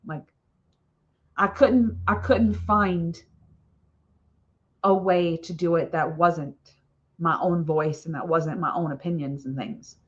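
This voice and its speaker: A woman's voice: lowish voice, takes it slowly, pauses often, highs cut off. A woman author hosting a casual live stream, chatting in a rambling way with frequent "okay?" tags and little laughs.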